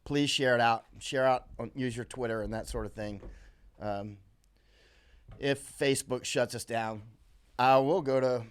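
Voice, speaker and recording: This is an American man running his own live stream and talking straight into a computer mic. His casual talk rambles, full of fillers and restarts, as he answers viewer comments. His voice sits at an ordinary middle pitch. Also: fairly even intonation, unhurried, pauses often, clear, resonant tone. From USA.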